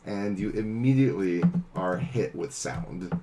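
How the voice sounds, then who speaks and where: A man narrating as game master of a tabletop game, laid-back and chuckling, with sudden shouted sound effects. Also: fairly low pitch, measured pace, loud music behind the voice.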